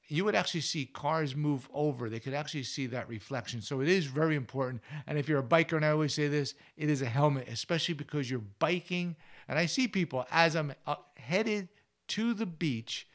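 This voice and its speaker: A man hosting an outdoor adventure show, telling stories in a chatty, rambling way. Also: medium pitch. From United States. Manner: chatty, animated, rambling with restarts. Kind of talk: casual storytelling monologue.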